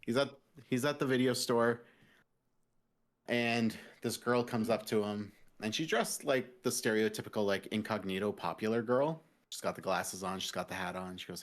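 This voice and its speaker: A man's voice: on the low side, moderate pace. A man co-hosting a casual podcast over a call, animatedly retelling a story and slipping into the characters' lines. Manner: animated storyteller who recaps scenes and mimics characters. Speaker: podcast co-host. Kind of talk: casual chat.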